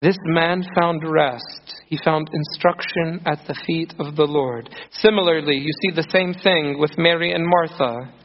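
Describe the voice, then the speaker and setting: A man's voice: on the high side, a little slow, hardly any pauses. A man preaching a sermon earnestly, acting out scripture quotes with feeling. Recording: muffled sound in a reverberant hall.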